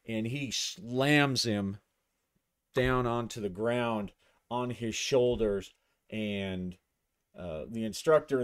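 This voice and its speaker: A man narrating his own solo tabletop game, describing a fight and the dice rolls as he goes. He speaks slowly and thinks aloud, with a mid-range voice. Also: medium pitch.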